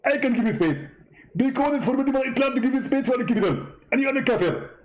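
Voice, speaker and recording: A smug, boastful preacher figure, put on by a man, gloats and taunts in a voice pushed well above his own. The pitch jumps around with animated swings as he crows over his opponent. The delivery is quick and mocking. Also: poor audio. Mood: gloating. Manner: gloating, mocking, fast-talking.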